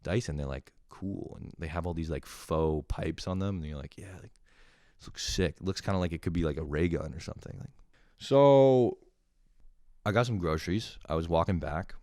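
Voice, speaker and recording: A young man doing a profane, sarcastic comic rant, animated and full of swearing. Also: deep voice, normal speed, no echo, studio quality. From lives in Montreal. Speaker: comedian ranting to camera.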